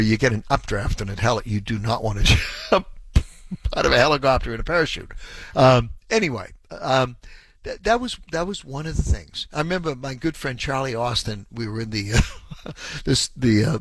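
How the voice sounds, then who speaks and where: A man's voice: medium pitch, a bit bright, no echo. A man in his sixties hosting a call-in radio show, telling a long anecdote in a rambling way, full of ums and chuckles. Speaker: radio talk show host.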